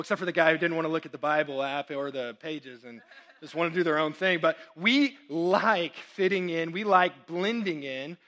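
A young Texan man preaching a sermon as a pastor, telling stories with quick asides. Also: on the high side. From Texas. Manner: animated storytelling with quick asides.

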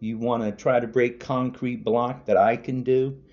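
A man's voice: medium pitch, flat delivery, a little slow, darkish tone. A man podcasting an angry political rant, furious and repetitive, hurling insults. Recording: dull lo-fi audio.

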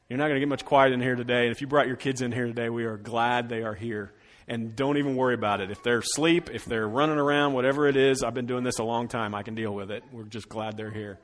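Pastor preaching with hushed, slowed phrases. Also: male voice, medium pitch. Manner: shifts between loud emphasis and hushed, slowed phrases. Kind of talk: sermon.

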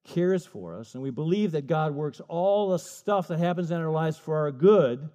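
A man preaching in a slightly higher voice, working through a story before landing his point. He leans on emphatic repetition and acts out the voices in his anecdotes. He sounds middle-aged and at ease in front of a congregation. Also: animated, normal speed, warm tone. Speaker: pastor. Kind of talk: sermon.

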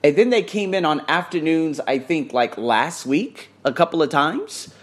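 A man's voice: a little high, normal speed. A man telling a casual vlog story about his tutoring work, swearing freely and acting out what people said. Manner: animated, swears freely, acts out quotes. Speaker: English test tutor.

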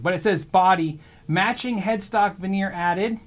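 High-voiced excitable man hosting a show. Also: unhurried. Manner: excitable, stammering, restarts sentences. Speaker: show host. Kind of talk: casual livestream chat.

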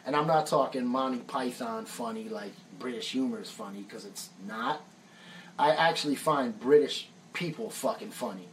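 A man's voice: mid-range voice, normal speed, recorded from a distance, a little hiss or hum, poor audio. An American musician and songwriter telling stories casually on a live stream, laid-back and profane, saying "man" often. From United States. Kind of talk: casual storytelling.

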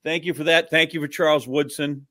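A man's voice: on the high side, fairly even intonation, a little fast, bright, forceful tone, no echo, studio quality. A man hosting a talk show, friendly and rambling as he thanks his guest. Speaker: host. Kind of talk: casual talk show chat.

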